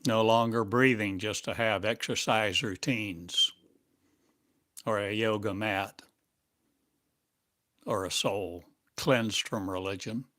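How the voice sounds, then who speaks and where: A man giving a channeled spiritual monologue as a teacher, speaking in drawn-out phrases and asking one rhetorical question after another. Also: fairly low pitch, fairly even intonation, pushed and bright, no echo, studio quality.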